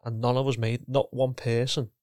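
A man's voice: mid-range voice, little pitch movement, normal speed, a little mellow, no room sound, clean studio sound. A middle-aged man, a former footballer and coach chatting casually, rambling and restarting his sentences. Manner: rambling, repeats words, restarts often. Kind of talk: casual chat.

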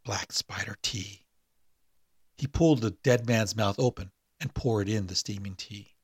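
A man hosting a podcast, chatting hesitantly before reading a spooky short story aloud. His voice is husky and mid-pitched. The sound is dry and close. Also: moderate pace, darkish tone, dry recording. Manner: hesitant, full of fillers and restarts in chat.

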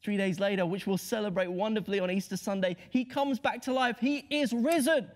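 Impassioned high-voiced preacher man. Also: brisk. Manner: impassioned, rhetorical, swings between hushed lows and emphatic highs. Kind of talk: Good Friday sermon.

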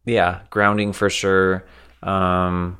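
A man's voice: low-pitched, level tone, drawn-out words, a bit bright, smooth. A man co-hosting a podcast, talking in loose, rambling casual chat with lots of fillers and casual swearing. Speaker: podcast co-host.

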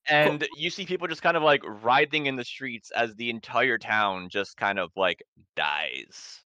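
A man running a tabletop horror game as game master, narrating in a laid-back, halting way with many fillers. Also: medium pitch, bright, forceful tone, clear, resonant tone, dry recording, highs cut off.

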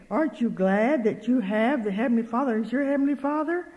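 Speaking briskly with few pauses in a slightly high voice, an older woman preaches at a religious meeting, sharing folksy stories and voicing both parties in conversations with earnest emphasis. The audio has its highs cut off and carries a long hall reverb.

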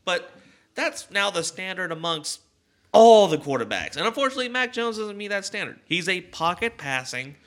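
Lively, bright-voiced male podcast co-host. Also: sits high, moderate pace. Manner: animated, acts out quotes in a mock calm voice. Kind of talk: casual sports chat.

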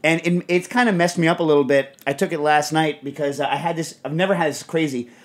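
A middle-aged man hosting a casual chat show, telling stories in a rambling, animated way with lots of fillers. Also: on the high side, quick pace. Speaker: podcast host.

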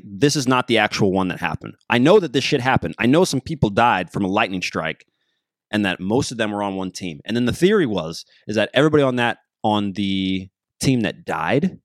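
A man with a very low voice hosts a casual solo podcast, joking and wandering off topic as he goes. His voice sounds close and dry, with no room echo. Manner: rambling, joking, loses his train of thought. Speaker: podcast host.

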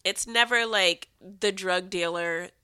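A woman's voice: fairly low pitch, takes it slowly, pushed and bright, smooth, no echo. A woman in her thirties hosting a podcast, chatting casually and telling stories animatedly, swearing now and then. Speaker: podcast host. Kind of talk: casual chat.

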